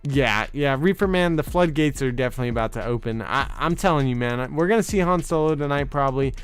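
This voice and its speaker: Excitable man hosting a chatty livestream. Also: mid-range voice, fast talker, clear, resonant tone, no room sound, faint music behind. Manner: excitable and chatty, often laughing and teasing viewers. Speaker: host of a fan channel livestream. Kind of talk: casual livestream chat reacting to viewer comments.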